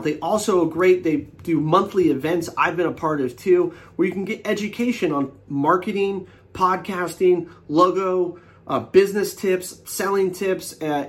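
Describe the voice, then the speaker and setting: A podcast host reads a sponsor spot in a relaxed, off-the-cuff way, stopping for fillers as he goes. His voice sits a little higher than most men's. The tone is plain and conversational. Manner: loose, filler-heavy ad read. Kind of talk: casual sponsor read.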